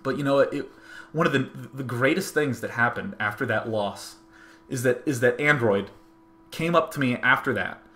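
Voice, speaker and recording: A man's voice: mid-range voice, moderate pace. A young man hosting his own show, telling a personal story in a casual, rambling monologue full of restarts. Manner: animated, rambling, many restarts. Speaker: host.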